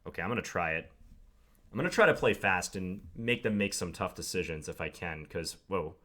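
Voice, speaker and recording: A man's voice: deep voice, expressive, fairly quick, fairly bright tone. A young man commenting live on his own game, thinking aloud with wry, self-deprecating asides. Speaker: chess commentator.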